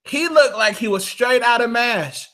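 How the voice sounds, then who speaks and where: A man's voice: very high-pitched, expressive, unhurried. A man co-hosting a live talk show, telling a profane comedic story and acting out the quotes in his own voice. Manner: loud, profane, acts out quotes in shifting voices. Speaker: radio show co-host.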